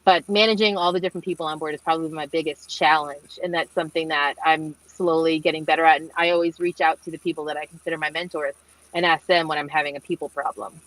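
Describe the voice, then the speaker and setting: A young woman, a marine engineer, answering webinar questions over a video call in a chatty storytelling way with lots of fillers and lively quoted dialogue. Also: deep voice, fast, dry recording, poor audio.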